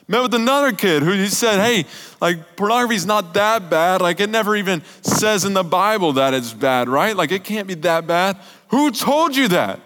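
A young man preaching a sermon as a youth pastor, talking in a casual, conversational way, with emphatic rises and quiet, low passages. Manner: conversational, emphatic preaching, drops soft and low near the end. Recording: long hall reverb.

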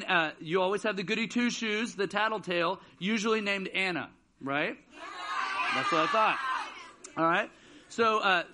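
A man in his thirties with a high, bright, forceful voice gives a casual youth sermon in a church auditorium. As a student ministry speaker, he tells jokey stories in a relaxed, joking way.

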